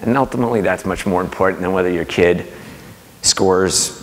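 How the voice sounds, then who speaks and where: A man's voice: sits low, normal speed. A middle-aged man giving a talk, telling family stories and acting out the voices in them. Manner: warm anecdotal storytelling, acting out quoted voices. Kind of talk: storytelling talk to an audience. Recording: long hall reverb.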